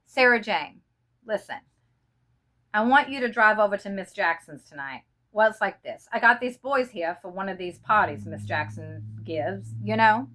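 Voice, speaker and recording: A woman's voice: mid-range voice, expressive, moderate pace, pushed and bright. A woman voicing a young male army lieutenant from the American South, drawling on the phone to his family. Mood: firm.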